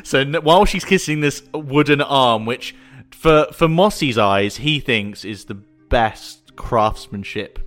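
A man's voice: medium pitch, takes it slowly, fairly bright tone, soft background music. A man playing in a tabletop role-playing game, flustered and laughing with frequent exclamations. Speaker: player. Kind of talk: tabletop role-play chat.

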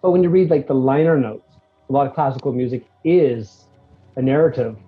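A man in casual chat, describing a music track at length in a rambling, animated way, acting out his own reactions. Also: medium pitch, a little fast, narrow, tinny audio. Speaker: guest reviewing a music track.

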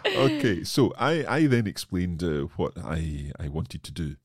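Deep-voiced joking male lesson host. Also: sing-song, unhurried, no echo, clean studio sound. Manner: self-deprecating, joking. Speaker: podcast host learning Swedish. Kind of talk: language lesson chat.

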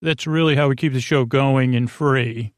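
A man hosting a sleep podcast, talking in creaky, soothing tones with rambling, filler-heavy bedtime talk. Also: medium pitch, fairly even intonation, normal speed, no room sound, studio quality. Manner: rambling, full of fillers and tangents.

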